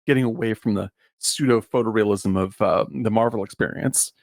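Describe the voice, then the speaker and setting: A man co-hosting a casual film podcast, talking eagerly with many quick asides. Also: fairly low pitch, no room sound, clean studio sound. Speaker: podcast co-host. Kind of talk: casual film-discussion chat.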